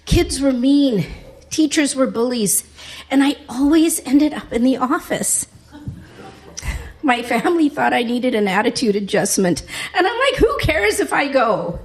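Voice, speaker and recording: A woman's voice: high voice, lively intonation, a little slow, a little mellow. A middle-aged woman doing a stand-up comedy set, chuckling through her own punchlines.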